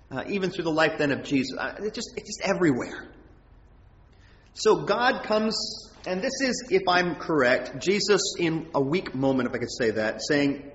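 Man preaching in an echoey hall. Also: normal speed. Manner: conversational, animated, rises in pitch for quoted prayers. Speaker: pastor. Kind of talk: sermon. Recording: echoey hall, dull sound.

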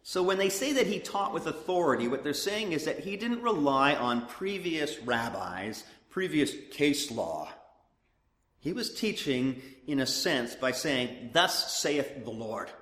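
In an echoey hall, a man gives conversational Bible teaching in sermon style, animated and often restarting his sentences. His voice is fairly high in pitch, and he speaks a little slowly.

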